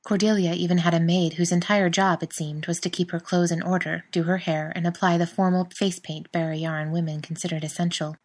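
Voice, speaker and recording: A woman narrating a story aloud in a calm, even reading voice. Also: lowish voice, a little fast, few pauses. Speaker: reader.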